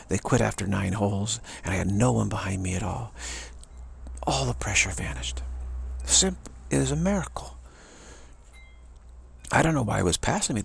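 A man with a deep, very gravelly and husky voice tells a personal story in a casual way. He repeats key phrases like a mantra and often drops to a near-whisper for an aside. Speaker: spiritual teacher.

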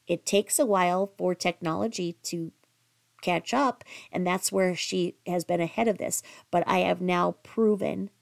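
A woman's voice: lowish voice, vocal fry, no echo. A woman hosting a livestream commentary, speaking emphatically and repeating herself for effect. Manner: emphatic, repetitive, reads chat aloud. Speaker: commentary channel host.

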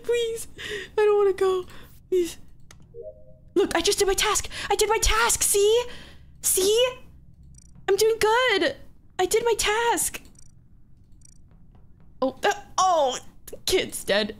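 A woman's voice: very high voice, lively intonation, slow, long pauses. A young woman live-streaming a game with friends, panicking, swearing and shrieking with laughter. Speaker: streamer playing a social deduction game.

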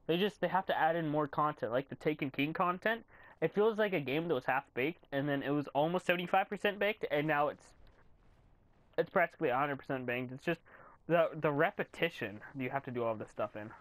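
A young man giving casual commentary while playing a video game, swearing and yelling in frustration. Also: on the high side, a little fast, dry recording. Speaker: gamer commentator.

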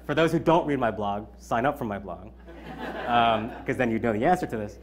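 A man's voice: medium pitch, brisk. A man in his thirties giving an opening keynote at his own event, conversational, with many ums and you-knows. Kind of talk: conference keynote speech.

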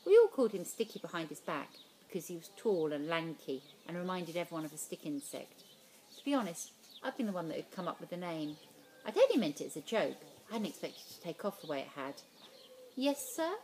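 An animated woman reads a children's novel aloud, her pitch swinging freely from line to line. She lifts her voice for the characters' speech. A faint hiss and distant birdsong sit behind her. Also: quick pace. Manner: lively, gives characters different voices. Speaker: teacher reading a novel aloud. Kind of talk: storybook read-aloud.

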